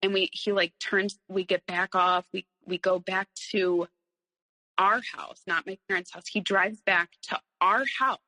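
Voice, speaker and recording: Bright-voiced woman recounting her story. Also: mid-range voice, steady tone, a little slow, big-room sound, low-quality recording. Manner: rambling, many fillers, nervous laughs. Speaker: guest telling her story. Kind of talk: candid personal storytelling.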